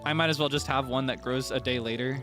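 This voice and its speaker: A man's voice: medium pitch, steady tone, quick pace, over music. A young man streaming a farming game, chatting casually, laughing often and breaking into dramatic frustrated outbursts. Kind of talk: casual gameplay chat.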